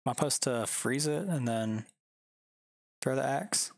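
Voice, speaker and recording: A man's voice: medium pitch, measured pace, gravelly, dry recording. Laid-back rambling male streamer. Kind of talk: casual game-stream chat. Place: home.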